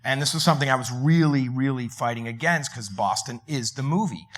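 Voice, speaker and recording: Animated man telling set stories. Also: medium pitch. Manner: animated anecdotes, quick asides and laughs. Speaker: film director on a panel. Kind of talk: panel discussion storytelling.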